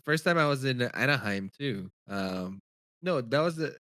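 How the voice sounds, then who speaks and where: A man's voice: medium pitch, expressive, measured pace, fairly bright tone, dry recording, clean studio sound. A man co-hosting a podcast in casual chat, hesitant, correcting himself and laughing a lot. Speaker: podcast co-host.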